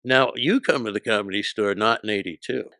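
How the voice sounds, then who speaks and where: Gravelly older man telling comedy stories. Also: fairly low pitch, bright, forceful tone, no room sound, studio quality. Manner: swaps into quick character voices when quoting people; profane punchy delivery. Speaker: stand-up comedian guest. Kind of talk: casual storytelling chat.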